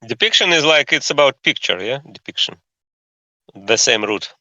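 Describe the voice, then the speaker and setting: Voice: medium pitch, lively intonation, moderate pace, pushed and bright, dry recording. A book club moderator on a voice call, explaining word meanings with hesitant restarts. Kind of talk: casual discussion on a voice call. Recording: dull lo-fi voice call.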